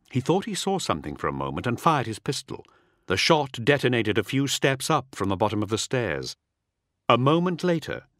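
A man narrating an audiobook with a dramatic, expressive reading. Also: lowish voice, dry recording, studio quality. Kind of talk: scripted narration.

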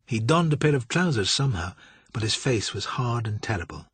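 A man narrating an audiobook in a steady, dramatic storytelling manner, with a husky voice. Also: mid-range voice, fairly quick, no room sound.

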